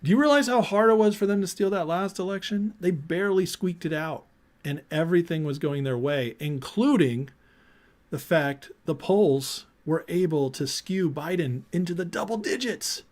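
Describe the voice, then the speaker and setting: A man hosting a political livestream, talking excitedly and reading out viewer chat, swinging from loud emphasis to quiet, emotional lines. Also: sits high, normal speed. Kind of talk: live-stream commentary reading chat.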